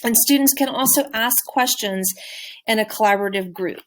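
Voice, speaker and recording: A woman teacher giving a recorded presentation on a classroom game, speaking clearly and encouragingly. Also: on the high side, moderate pace, a bit bright. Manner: clear, encouraging, with modeled questions.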